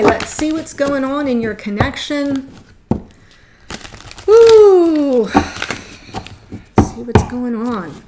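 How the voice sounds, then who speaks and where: A woman giving a gushing, excitable tarot reading, choked up and near tears. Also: a little high, noisy background. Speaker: tarot reader.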